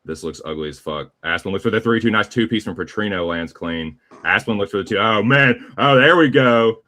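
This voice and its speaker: A man's voice: lowish voice, brisk, pushed and bright. A man with a Southern US accent calling live fight action play by play, casual and profane. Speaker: play-by-play commentator.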